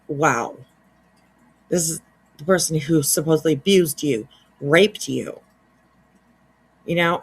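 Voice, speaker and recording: A woman hosting a casual reaction commentary, sarcastic and laughing often, with some swearing. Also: deep voice. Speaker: commentary channel host.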